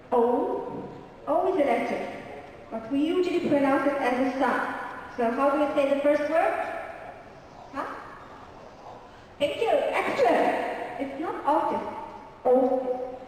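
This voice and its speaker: A woman's voice: high voice, a little slow, long pauses, darkish tone. A woman with an Egyptian Arabic accent, an English pronunciation trainer running a live workshop, demonstrating sounds and checking in with "okay?". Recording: echoey hall from far off, faint room noise.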